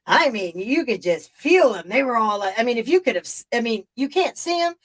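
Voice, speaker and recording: Her voice a little high and a little fast, with big swings in pitch, a middle-aged woman hosts a live stream on a rough recording. She tells a story casually in an emphatic, profane, rambling way.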